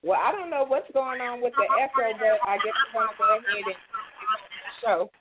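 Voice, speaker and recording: A woman's voice: a little high, brisk, breathy edge. A woman with a Southern American accent, hosting an online radio show in a chatty, upbeat way. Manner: chatty, laughs off technical trouble. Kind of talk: casual call-in radio hosting. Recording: tinny phone line with faint hiss.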